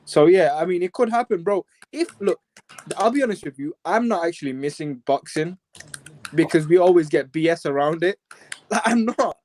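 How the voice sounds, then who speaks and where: Brief: Yorkshire man, Sheffield accent, on a phone, relaxed late-night chat, higher-set voice. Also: moderate pace. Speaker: guest. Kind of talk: casual chat.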